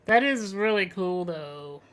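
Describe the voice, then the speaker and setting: Slow, hesitant podcast co-host. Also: male voice, sits high, expressive, fairly bright tone, clean tone. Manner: hesitant, lots of fillers. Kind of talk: casual live-stream chat.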